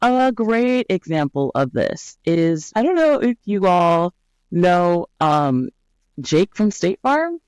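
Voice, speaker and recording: A woman's voice: lowish voice, takes it slowly, smooth, no echo, rough recording. A woman guest on a podcast interview who tells stories with energy and often checks in with "right?". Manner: lively storyteller, often adds "right?". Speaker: guest, brand scientist.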